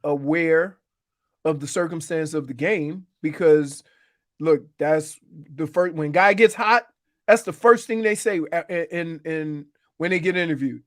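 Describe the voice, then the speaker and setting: A man's voice: on the high side, a little slow. A man co-hosting a sports radio show, making his points in a wry, explanatory way. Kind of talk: casual sports radio banter.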